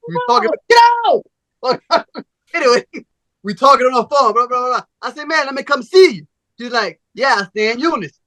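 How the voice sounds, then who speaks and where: Podcast host, male, animated storyteller who plays out every voice in his anecdotes; bright, edgy timbre, dry booth sound. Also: very high voice, moderate pace, no room sound. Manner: animated, profane storyteller, acts out both sides of conversations. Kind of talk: casual storytelling chat.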